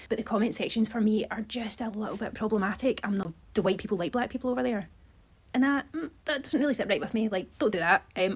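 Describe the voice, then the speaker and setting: Scottish woman, quick talker, firm, matter-of-fact, casual clip. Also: on the low side. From Scotland. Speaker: TikTok creator. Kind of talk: casual social media video.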